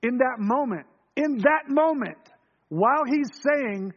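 High-voiced husky man preaching a sermon. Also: lively intonation, a little slow, a bit bright, highs cut off.

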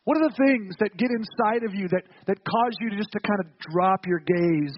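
A man's voice: high-pitched, normal speed, hardly any pauses, muffled recording. A man preaching a sermon as pastor, earnest and emphatic, with rhetorical questions and repeated words.

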